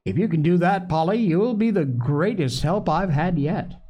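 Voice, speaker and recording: A man doing a weary, gentle mother. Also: high voice, normal speed, pitched above the performer's own voice. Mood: sad. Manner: sad, soft, patient.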